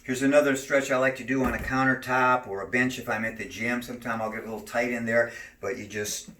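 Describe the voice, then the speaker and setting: A man teaching neck and shoulder stretches, giving calm step-by-step cues and slow breathing counts. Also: medium pitch, distant mic, a little hiss or hum. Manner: calm, cueing slow breathing and gentle moves. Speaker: stretching instructor. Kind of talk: exercise demonstration. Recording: roomy, from off mic.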